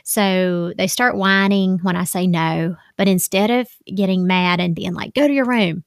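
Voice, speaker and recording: A woman's voice: on the low side, flat delivery, measured pace, clear, resonant tone, no echo, studio quality. A woman in her thirties, a mother giving advice in a casual, chatty monologue, acting out quoted dialogue. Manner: chatty, acts out quoted dialogue, many "like" fillers.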